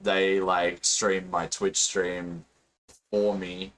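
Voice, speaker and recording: An Australian podcast host and streamer chats casually, rambling with plenty of fillers and swearing freely. His voice is low-pitched and fairly bright, with little pitch movement, and he talks very slowly.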